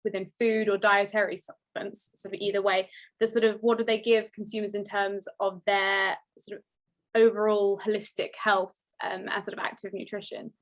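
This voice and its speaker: A woman's voice: medium pitch, flat delivery, moderate pace. A woman hosting an interview, asking casual questions with lots of hedging filler words. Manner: casual questions with repeated "sort of". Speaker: interviewer host. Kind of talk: hosted interview.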